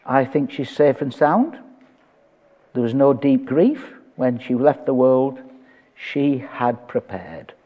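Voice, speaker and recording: Older preacher in an echoey hall. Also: male voice, medium pitch, slow pace, dull audio. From England. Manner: storytelling with quoted dialogue. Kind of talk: sermon.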